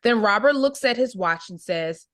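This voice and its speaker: Woman reading a novel to her esl book club, slow clear teacher voice, checks everyone's following. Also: medium pitch, lively intonation. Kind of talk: reading a novel aloud and explaining it.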